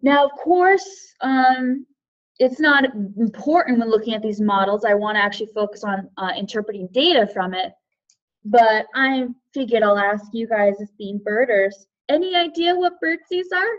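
A woman's voice: a little high, moderate pace, lo-fi sound. A woman presenting an online lesson for educators, reading out participants' chat guesses by name and responding in a friendly way. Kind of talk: live online teaching webinar.

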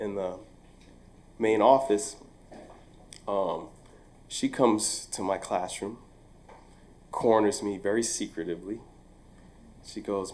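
A man, a teacher, telling a true story on stage, animated and acting out the dialogue with frequent ums. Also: fairly low pitch. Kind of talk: live storytelling performance.

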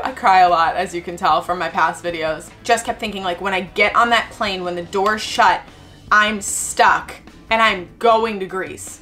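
A woman's voice: mid-range voice, moderate pace, music in the background. Chatty young woman telling a travel story. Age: 20s. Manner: chatty, animated, acts out quoted voices, frequent "like". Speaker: travel vlogger. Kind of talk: casual storytelling.

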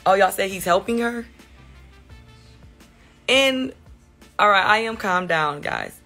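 A woman's voice: medium pitch, animated, takes it slowly, gravelly, sharp tone, faint music behind. A woman hosting a casual commentary chat, talking in a chatty, sarcastic way. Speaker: host.

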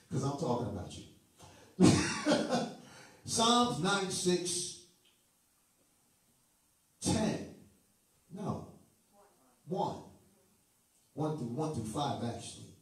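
Speaking very slowly and pausing often, this preacher has a fairly high voice with big swings in pitch. He delivers his sermon with fervour, alternating sing-song chanting with jokes aimed at the congregation. Music plays behind him, captured from far off in a reverberant room.

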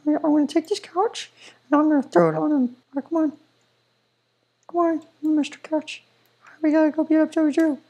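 A woman's voice: sits high, fairly even intonation, moderate pace, pauses often, dark tone. A woman voicing a small, bratty male cartoon ink demon who rambles and threatens in a goofy game machinima. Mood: rambling.

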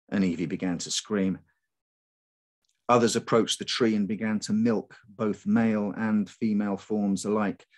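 Low-voiced man reading horror aloud. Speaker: writer reading his story. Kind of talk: live reading of a folk horror story.

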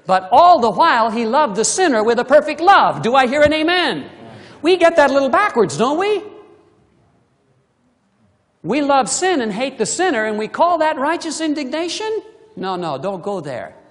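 A preacher delivering a sermon, with emphatic delivery and many rhetorical questions to the congregation, swinging between loud emphasis and hushed asides. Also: sits high. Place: church sanctuary. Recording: long reverb of a church hall.

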